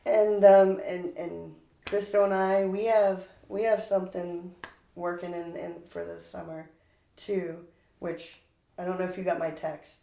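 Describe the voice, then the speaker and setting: A woman with a fairly low voice hosts a podcast in relaxed, casual chat. She laughs often and trails off with fillers. Her voice carries a noticeable room echo. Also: a little slow. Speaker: podcast host. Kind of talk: casual conversation. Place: indoor room, recorded locally. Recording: roomy echo.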